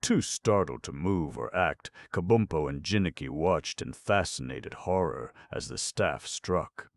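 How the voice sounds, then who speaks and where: Deep, gravelly male storybook narrator, dry close mic. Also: lively intonation, a little slow, no echo. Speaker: audiobook narrator.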